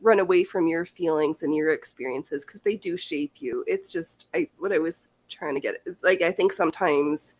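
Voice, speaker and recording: A woman's voice: low-pitched, moderate pace, few pauses. A woman hosting a casual chat, laughing often and slipping into playful mock voices. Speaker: host. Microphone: on-camera mic.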